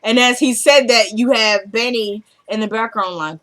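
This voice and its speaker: A woman's voice: on the high side, normal speed, a bit bright. A woman casually recapping a TV drama episode, acting out the characters' lines as she retells each scene. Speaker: show recapper.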